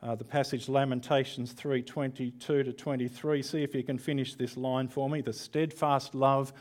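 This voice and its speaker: A man's voice: mid-range voice, flat delivery, moderate pace, darkish tone. A man preaching an online church sermon in a conversational, candid way, with self-deprecating asides.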